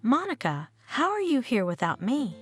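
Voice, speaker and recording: A woman reading a gentle worried husband. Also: a little high, sing-song, normal speed, husky, soft background music. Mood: pleading.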